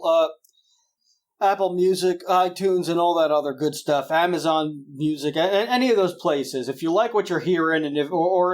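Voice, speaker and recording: A young man hosting a podcast in a rambling, jokey, self-deprecating way. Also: fairly high pitch. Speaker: podcast host. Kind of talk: casual podcast chat.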